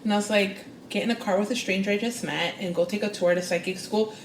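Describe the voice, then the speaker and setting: A woman, guest on a podcast, telling a personal story with lively, expressive delivery and acting out the voices she quotes. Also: fast, reverberant, slight background noise. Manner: expressive, acts out quoted voices with big pitch jumps. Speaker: guest psychic and spiritual coach. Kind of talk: animated storytelling in interview.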